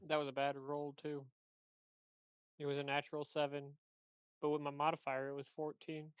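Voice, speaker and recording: A man's voice: on the high side, monotone, normal speed, clear, resonant tone, no room sound, lo-fi sound. A man playing a tabletop game, casual and a bit apologetic when talking over others. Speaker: player.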